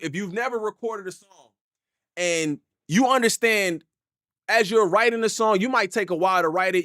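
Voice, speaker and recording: A man doing live stream reaction commentary, animated, repeating himself and laughing often. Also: high-pitched, no room sound, clean studio sound. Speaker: hip hop reaction streamer. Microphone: desk mic.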